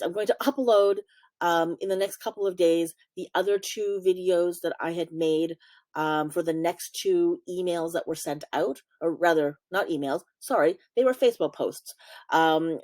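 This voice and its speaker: A woman vlogger speaking in a somewhat low voice, recorded dry and close with no room sound. She comes across as apologetic and halting, leaning on fillers as she goes. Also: darkish tone, no echo. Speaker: vlog host. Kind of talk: casual vlog intro.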